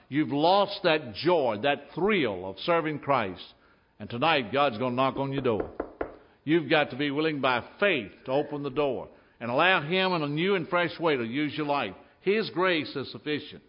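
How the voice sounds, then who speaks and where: Preacher guy telling stories in a sermon, emphatic, middle-pitched, muffled lo-fi recording. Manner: emphatic storytelling, acting out scenes. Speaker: pastor. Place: church.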